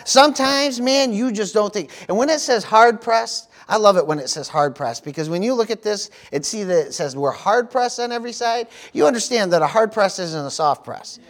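A man's voice: high voice, animated, moderate pace, hardly any pauses. A middle-aged man from the United States preaching a sermon as pastor, peppering his talk with "praise the Lord" and "amen.".

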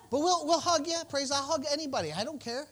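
A man with a fairly high voice preaching to his church. He talks in a folksy, joking way, drifting into quiet, chatty asides and then building to bold, loud calls. His delivery keeps jumping between playful and forceful. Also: very animated, brisk. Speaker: pastor. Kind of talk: sermon.

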